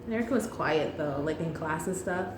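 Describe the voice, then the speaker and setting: A woman's voice: deep voice, brisk. A young woman chatting casually with a friend, laughing often and acting out quotes with animation. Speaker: podcast host. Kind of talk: casual chat. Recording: echoey room with faint background noise.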